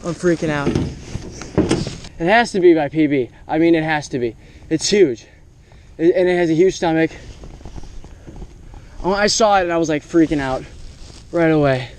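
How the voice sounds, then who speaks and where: A man's voice: fairly high pitch, normal speed, pauses often, a little mellow, a little hiss or hum. A man giving enthusiastic, exclaiming running commentary as a fishing vlogger, recorded outdoors on the water on an action camera.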